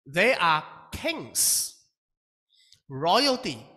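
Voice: medium pitch, very animated, drawn-out words, sharp tone, long reverb tail. A Bible teacher giving a lecture, speaking emphatically and asking rhetorical questions, often with a tag question like "right?" at the end.

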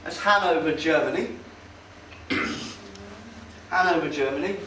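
A sharp-toned male voice on the high side, speaking a little slowly, addresses a meeting-hall audience in a casual, sardonic way, hesitant and full of fillers. The hall is roomy, the mic far off, and faint noise is present.

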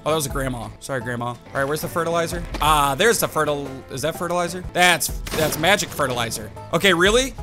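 A young man giving excited let's-play commentary on a game, with sudden loud outbursts and gasps. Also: on the high side. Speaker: gaming YouTuber. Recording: game music behind the voice. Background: game music.

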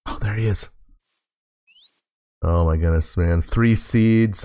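A man's voice: on the low side, measured pace, long pauses, warm tone. A man casually commenting on his game as he plays, chatting to in-game animals and laughing often. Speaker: gaming host. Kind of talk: casual let's play commentary.

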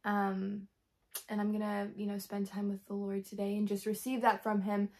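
A woman talking candidly in a personal faith vlog, her voice tired and worn, soft and halting with many fillers. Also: mid-range voice, completely flat delivery. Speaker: faith vlogger.

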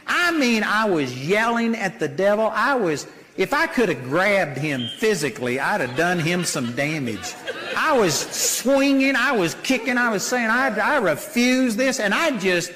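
An older man preaching a sermon, folksy and animated, telling stories and acting out voices. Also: sits high, unhurried. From Texas. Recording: long hall reverb.

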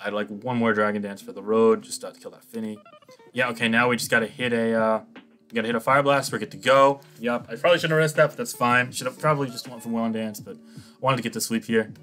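A man's voice: mid-range voice, fairly even intonation, quick pace, pushed and bright, faint music behind. Cocky young man commentating a game. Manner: cocky, teasing, laughs often. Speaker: gaming YouTuber. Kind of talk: casual live game commentary.

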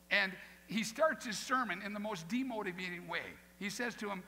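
A male pastor preaching a sermon with lively asides, acting out quoted voices. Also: high-pitched, moderate pace. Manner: animated, acts out quoted voices, folksy asides. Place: church sanctuary. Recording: long hall reverb, faint noise.

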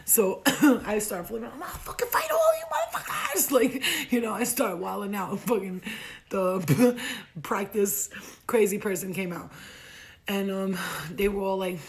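Gravelly-voiced woman swearing through a story. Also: mid-range voice, unhurried. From United States. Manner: profane, animated, laughs often, heavy slang. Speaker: vlogger telling a personal story. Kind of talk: casual storytelling.

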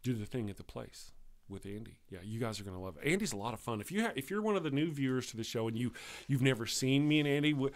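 A man's voice: medium pitch, lively intonation, quick pace. A man hosting a live stream show, talking in a chatty, rambling way and often correcting himself.

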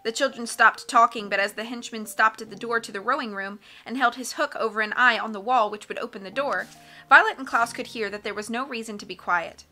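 A woman narrating an audiobook in an expressive, measured way. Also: on the high side, soft background music. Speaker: audiobook reader.

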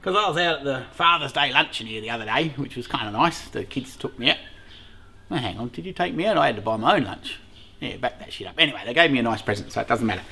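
A man's voice: mid-range voice, lively intonation, fast, gravelly, pushed and bright, slight background noise. A middle-aged Australian man hosting a casual beekeeping vlog, rambling along, swearing freely and laughing often. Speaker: beekeeper host.

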